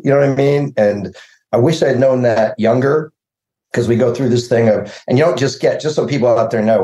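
A man's voice: medium pitch, mellow, reverberant, poor audio. A man on a video call interview, telling rambling joking stories about making his show. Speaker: series co-creator.

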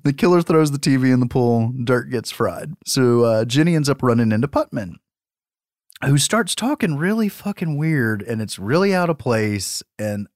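A man retells a movie's plot on a podcast, swearing freely and laughing between lines. His pitch swings widely as he acts out moments. The sound is dry and close. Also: normal speed, dry recording. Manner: profane, laughing, animated storytelling. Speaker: podcast host. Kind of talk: casual movie recap.

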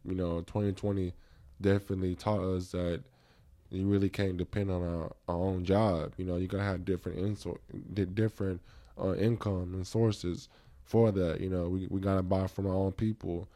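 A man's voice: sits low, level tone, normal speed, warm tone. A man hosting a podcast in casual chat, reflective and rambling, with many fillers and restarts. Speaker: podcast host.

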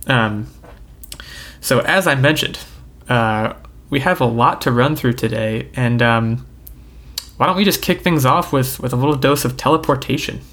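A man's voice: mid-range voice, fairly bright tone. A man hosting a podcast, chatting casually in an easygoing, jokey way with lots of hesitation sounds. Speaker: podcast host.

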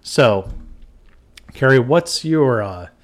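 A man's voice: medium pitch, expressive, slow pace. A man co-hosting a horror movie podcast in casual chat, often laughing as he reads out movie lines. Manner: laughs often while reading movie quotes. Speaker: podcast co-host.

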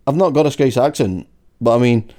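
Man, Wigan accent, casual podcast chat, lively up-and-down voice, swears, laughs a lot. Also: mid-range voice, brisk. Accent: Wigan, Lancashire. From Wigan, England. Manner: laughs often, swears freely. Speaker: podcast co-host.

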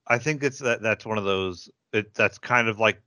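A man's voice: on the low side, moderate pace, sharp tone, no room sound, clean studio sound. A man co-hosting a podcast in casual chat, mostly short replies and hesitant explanations. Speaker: podcast co-host.

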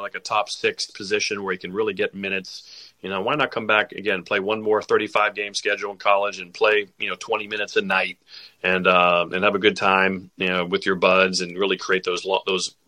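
A man's voice: sits low, bright, forceful tone. A man who is a guest on a sports podcast, talking casually and rambling, with lots of fillers and restarts. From Boston area family.

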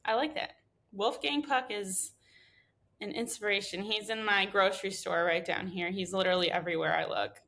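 A woman's voice: medium pitch, steady tone, normal speed, fairly bright tone. A woman hosting a food podcast, upbeat and giggly in casual interview chat. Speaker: podcast host.

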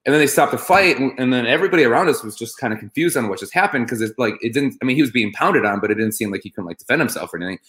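Man with a lively, swinging pitch. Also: very fast, few pauses, roomy sound. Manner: lively storytelling, frequent fillers. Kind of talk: casual chat.

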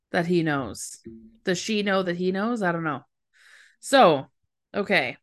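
A young woman with a mid-range voice, co-hosting a relaxed recap show. She laughs often and agrees readily, and she sounds dry and close. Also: mid-range voice, dry recording. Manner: giggly, quick to agree. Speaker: podcast co-host. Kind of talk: casual chat recapping a TV episode.

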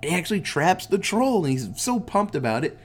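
A man's voice: sits high, sing-song, brisk, slight background noise. A man casually recapping a movie, laid-back and swearing a lot, acting out the characters' lines in goofy voices. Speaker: podcast host recapping a movie.

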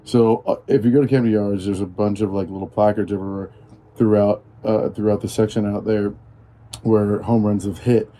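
Quiet, flat-voiced man. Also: fairly low pitch, normal speed, a little hiss or hum. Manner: quiet, easygoing, agreeable. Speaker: podcast co-host. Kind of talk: casual chat.

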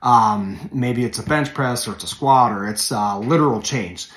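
A man's voice: medium pitch, normal speed, fairly bright tone. A preacher in his forties talks through his podcast in an easy, rambling way, full of ums and restarts. He stresses the words he cares about. His mid-range voice sounds roomy, with the walls coming back on it. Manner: conversational, many fillers and self-corrections, leans in on key phrases. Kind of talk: casual devotional podcast talk.

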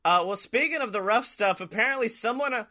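High, bright-voiced man chatting. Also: a little fast. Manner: animated, laughs often, acts out quotes. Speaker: podcast co-host. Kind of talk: casual chat.

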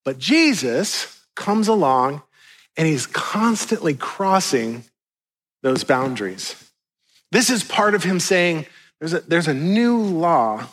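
A man's voice: a little high, a bit bright. A middle-aged man preaching a sermon to a congregation in a church, conversational and joking, with playful asides to the listeners. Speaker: pastor.

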